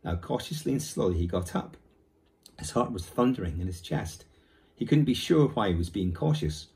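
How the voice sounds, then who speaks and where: A male primary school teacher reads a children's novel aloud to his class. His fairly low voice rises and falls a great deal as he tells the story. He sounds engaged and expressive. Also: moderate pace.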